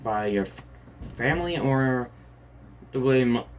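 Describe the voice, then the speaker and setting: A man voicing a calm, polite schoolgirl. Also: medium pitch, measured pace, slight background noise, close to an everyday voice. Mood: curious. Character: polite, composed teenage girl student.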